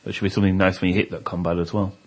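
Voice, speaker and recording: This is a man with a fairly low voice speaking on a relaxed gaming podcast. He explains things in a calm, informative way. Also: rapid-fire. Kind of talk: casual chat among tabletop gamers.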